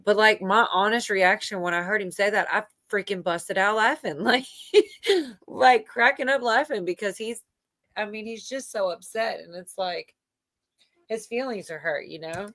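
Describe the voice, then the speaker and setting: A woman's voice: mid-range voice, moderate pace, fairly bright tone, no room sound. A woman hosting a livestream in casual chat, rambling with many fillers and laughing often as she talks. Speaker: livestream host.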